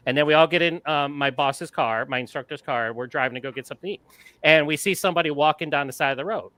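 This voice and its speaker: Brief: man in his 50s, higher bright tone, dry close mic, swears freely, animated storyteller. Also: no room sound, rough recording. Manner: animated, profane, repeats words when excited. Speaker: panel co-host of a live movie talk show. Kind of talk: casual chat, storytelling. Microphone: live online video call.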